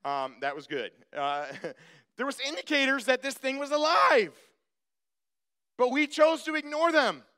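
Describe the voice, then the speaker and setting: A man's voice: extremely high pitch, a little slow. A male pastor preaching a sermon and telling a personal story from his farm childhood. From grew up on a farm. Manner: storytelling, animated when acting out the story. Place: church.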